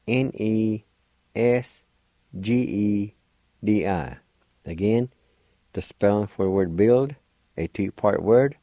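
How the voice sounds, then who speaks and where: A man's voice: fairly low pitch, mellow, dry recording. An older man from Oklahoma, patiently spelling and pronouncing words letter by letter as a radio language teacher. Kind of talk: slow spelling and pronunciation lesson.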